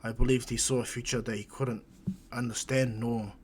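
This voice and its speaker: A man voicing a calm, serious older male hero who speaks low, quiet and measured. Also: a little hiss or hum, close to an everyday voice.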